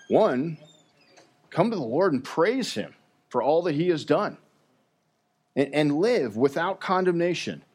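A man preaching a sermon in an earnest, halting way, often repeating words as he goes. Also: mid-range voice, a little mellow.

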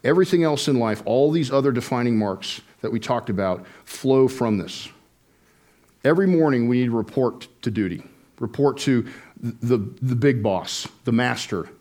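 A middle-aged man preaching to a congregation, moving between a personal mission story and an earnest call to faith. His pitch is mid-range, and he talks in a loose, conversational way, with frequent ums and restarted phrases. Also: expressive, normal speed, darkish tone. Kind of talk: sermon testimony.

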